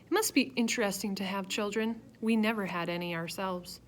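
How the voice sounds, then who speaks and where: A woman voicing a fussy, easily offended middle-aged woman with a shrill voice. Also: fairly quick, close to an everyday voice. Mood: prim. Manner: shrill and shrieking.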